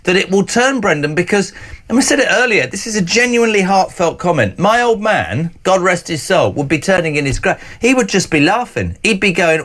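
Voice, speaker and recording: A male presenter with a notably high voice, holding forth on a panel discussion. He rants with heated conviction and drops in sarcastic asides. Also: sing-song, brisk, a bit bright. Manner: impassioned, sarcastic ranting. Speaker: talk show presenter.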